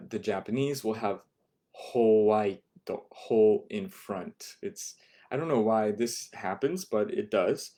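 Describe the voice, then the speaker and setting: Man, language teacher, live-streamed lesson, warm low voice, patient, repeats each word slowly. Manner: patient, models pronunciation slowly and repeats words.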